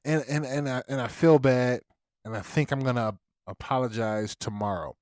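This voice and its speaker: A man's voice: medium pitch, normal speed, a little mellow, dry recording, studio quality. A man co-hosting a podcast, telling a parenting story in casual chat and acting out the voices of his kids and himself. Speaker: podcast co-host.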